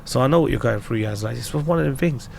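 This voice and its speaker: A man with a London accent, a guest entrepreneur on a podcast, chatting casually and telling lively anecdotes with slang. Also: medium pitch, quick pace, vocal fry, a little hiss or hum. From England. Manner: animated storyteller, laughs while telling anecdotes, slangy.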